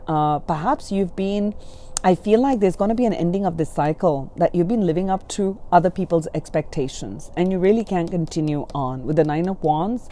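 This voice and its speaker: A woman giving a gentle spiritual tarot reading, soothing and reassuring, often checking in with the listener. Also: fairly low pitch. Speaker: tarot reader.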